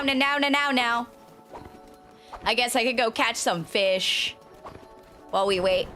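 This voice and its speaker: A young woman vtuber chatting casually as she plays a game, swearing and breaking into sudden shouts. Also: medium pitch. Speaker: vtuber streamer. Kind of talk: casual gameplay commentary.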